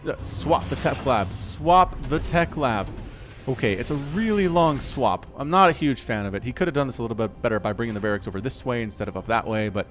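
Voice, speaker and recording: Man, American accent, esports caster, animated pitch, excitable, chatty. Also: fast, few pauses. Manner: excitable, chatty, talks to the players. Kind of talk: solo game commentary.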